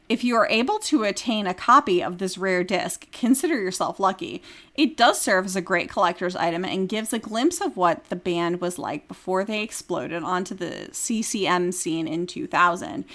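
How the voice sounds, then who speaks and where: A woman's voice: mid-range voice, pushed and bright. A woman podcast host reading a review aloud in a casual chat, now and then breaking into giggles.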